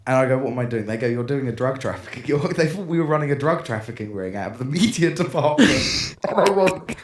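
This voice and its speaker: A young British man co-hosting a casual podcast laughs through a long story, acting out the other people's voices with animation. His medium-pitched voice moves quickly, with slight background noise behind it.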